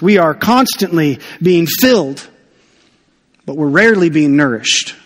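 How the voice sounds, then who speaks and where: A man preaching a sermon in a church, chatty and animated with jokey asides. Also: fairly high pitch, in a large hall. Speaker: pastor.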